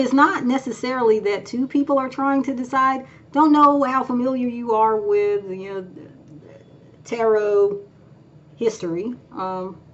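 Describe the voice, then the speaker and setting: A woman with a fairly high voice reads tarot cards in a loose, chatty way, wandering off into asides and filling pauses with "uh" and "um." The recording sounds a little dull and lo-fi. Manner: rambling, thinks aloud with many fillers. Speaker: tarot reader. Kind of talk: casual pick-a-card reading.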